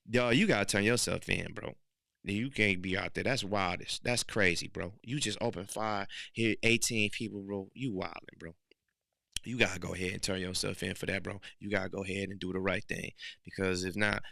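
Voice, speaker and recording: Gravelly, bright-voiced streetwise podcast host. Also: male voice, lowish voice, no echo, clean studio sound. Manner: streetwise slang, animated preaching, rising into loud emphatic bursts. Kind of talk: casual motivational monologue.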